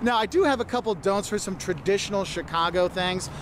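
A man with a notably high voice talks through travel tips in a chatty, explanatory way. Faint noise sits under the voice of the played clip. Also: a little fast. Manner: chatty, explains with "okay?" and "look". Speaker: travel video presenter. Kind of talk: scripted travel guide talk.

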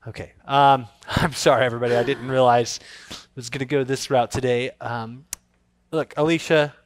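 A man's voice: mid-range voice, fairly even intonation, moderate pace. A man hosting an online kids church show from a theater stage, upbeat and playfully teasing. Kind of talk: presenting to children.

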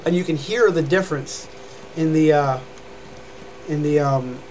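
A man's voice: a little high, a little slow, noisy background. A young man streaming live and chattily explaining how to scream and growl, rambling and demonstrating as he goes. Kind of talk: casual live-stream vocal lesson.

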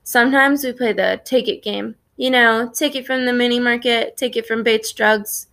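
A woman's voice: fairly high pitch, steady tone, moderate pace, creaky, bright, forceful tone. A woman voicing a breezy, cocky teenage boy who leads a street crew, in a storybook reading. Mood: offhand. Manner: breezy, grinning, offhand.

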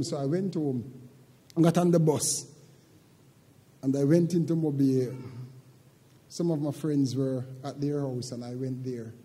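An older man preaching a sermon as pastor, moving from quiet, halting reflection to loud, shouted preaching. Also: sits high, breathy edge, in a large hall. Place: church sanctuary.

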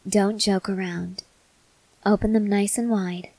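Whispered role-play: a woman playing a stoic young soldier woman, clipped and composed, slow, mid pitch. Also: steady tone, warm tone, no room sound, low-quality recording. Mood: calm. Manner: composed, clipped, matter-of-fact.

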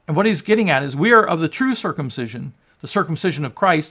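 A man in his sixties, a pastor preaching, moving from quiet teaching to loud, fervent proclamation. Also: fairly high pitch, expressive, fairly quick, few pauses, husky. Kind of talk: sermon.

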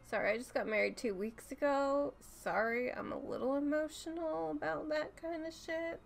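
A woman's voice: sits high, fairly even intonation, normal speed, vocal fry. A young woman reacting to a TV episode, swearing and pleading with the characters on screen. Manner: profane, talks back at the screen. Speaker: reaction video host.

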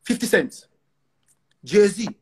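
Brash Nigerian man, husky voice. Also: high voice, sing-song, takes it slowly. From northern Nigeria. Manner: brash, defiant, repeats phrases for emphasis. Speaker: interviewee. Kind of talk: boastful interview talk.

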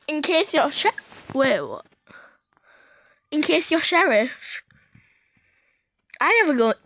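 A woman chatting casually with a friend while playing an online game for her video, excitable and giggly, with sudden shrieks. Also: high-pitched, slow, no room sound. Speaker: gaming video creator. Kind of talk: casual gameplay chat with a friend.

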